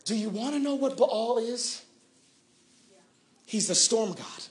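A young man preaching a sermon, shouting and half-singing at his peaks, then dropping into quick, quiet joking asides. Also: very high-pitched, animated, echoey room. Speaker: pastor.

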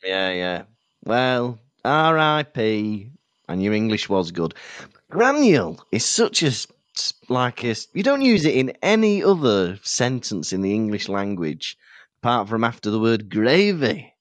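A playful man co-hosts a podcast, his voice rising and falling through quick banter and encouragement. He sounds close and dry. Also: lowish voice, very animated, no room sound. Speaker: podcast co-host. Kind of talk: casual chat.

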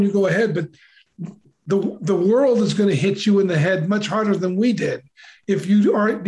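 Older man, high voice, animated storyteller, casual podcast chat. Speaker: podcast co-host.

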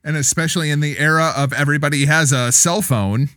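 A man's voice: fairly high pitch, quick pace, bright, forceful tone, no echo. A man hosting a casual podcast, asking a guest eager, jokey questions.

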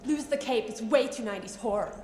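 A woman's voice: fairly high pitch, fast, darkish tone, close to an everyday voice. A woman playing a sarcastic teen cheerleader who mocks a killer in a horror comedy film. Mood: mocking. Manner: mocking, sarcastic. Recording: echoey film scene with music.

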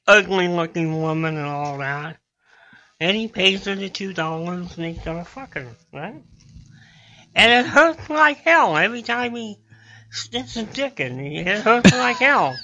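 A man's voice: sits high, expressive, pushed and bright, low-quality recording. A man, a guest comedian, telling long jokes in a studio chat and dropping into character voices for the punchlines. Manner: drawn-out joke delivery with character voices. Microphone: studio microphone.

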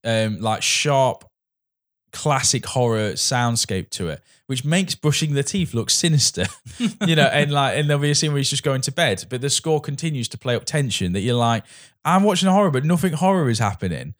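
A man's voice: medium pitch, moderate pace, fairly bright tone. A man chatting casually as a film reviewer, rambling with many restarts. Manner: rambling, restarts, acts out quoted dialogue.

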